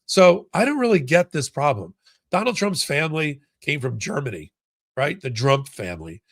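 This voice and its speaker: A man's voice: a little high, sing-song, normal speed, creaky, no room sound, clean studio sound. A man hosting a casual live-stream about a court case, chatting and reading out viewer comments with frequent restarts. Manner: conversational, reads viewer comments aloud, many restarts. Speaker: legal commentary host.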